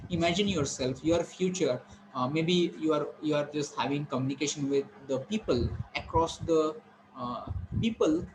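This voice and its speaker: A male lecturer teaching a class, explaining slowly with many fillers and restarts. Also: medium pitch, background noise. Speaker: college lecturer.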